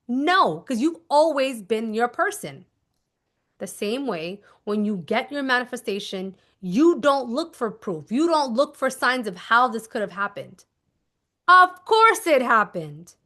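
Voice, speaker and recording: A woman manifestation coach talking through her method in a casual teaching monologue. She is emphatic, repeats her instructions and keeps checking in with "okay?". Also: sits high. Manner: animated, acts out little scenes.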